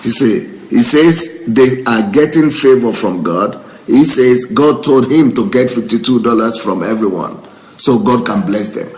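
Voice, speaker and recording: A man's voice: mid-range voice, unhurried, a little mellow. Emphatic man in an echoey room. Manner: indignant, emphatic, repeats phrases for effect; breaks into laughter. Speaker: pastor. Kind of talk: live commentary answering viewer comments.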